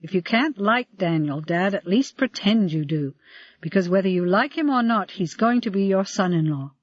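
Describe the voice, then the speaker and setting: A woman's voice: mid-range voice, expressive, normal speed, dry recording, natural voice. Defiant grown daughter, firm and reproachful, reader doing her, lo-fi dry audio. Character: young adult daughter, defiant and grim.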